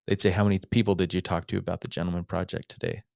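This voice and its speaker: A middle-aged man, a podcast guest, telling stories in a lively way and acting out what people said. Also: deep voice, very fast, vocal fry, no echo, studio quality. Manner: animated storyteller, acts out quotes. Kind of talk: casual storytelling interview.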